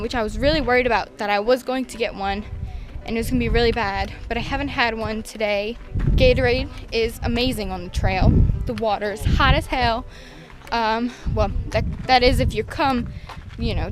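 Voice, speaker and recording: A woman's voice: on the high side, low-quality recording. A young woman, chatting candidly in casual vlog updates from a canyon trail. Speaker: vlogger. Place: outdoors on a canyon hiking trail and campground.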